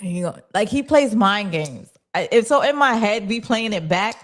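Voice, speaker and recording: A woman's voice: medium pitch, normal speed. Chatty woman recapping a TV drama. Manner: animated storyteller, acts out characters' lines, reads viewer chat. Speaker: show recap host. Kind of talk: casual TV recap livestream.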